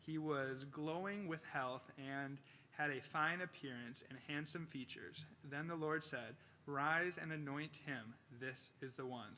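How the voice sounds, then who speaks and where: A male pastor giving a casual sermon, reading scripture and telling stories with animated impressions. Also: a little high, slight background noise. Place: church sanctuary.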